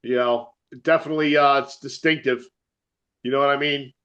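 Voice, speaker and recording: A man's voice: medium pitch, fairly even intonation, normal speed, a bit bright, lo-fi sound. Laughing, profane New Jersey man. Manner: rambling, laughs often, swears freely. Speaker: interview guest, metal musician. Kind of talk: casual chat.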